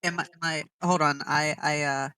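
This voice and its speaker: Low-voiced woman playing a tabletop game. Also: fairly even intonation, normal speed, pushed and bright, smooth, no room sound. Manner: describes her character's actions. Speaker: player. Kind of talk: tabletop role-play chat.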